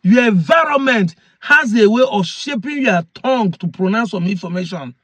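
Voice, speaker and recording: The speaker is a community chief with an Igbo-accented Nigerian English voice that is high-pitched, animated, and fairly bright, at normal speed with no echo. He explains earnestly, going back over key phrases to drive his points home.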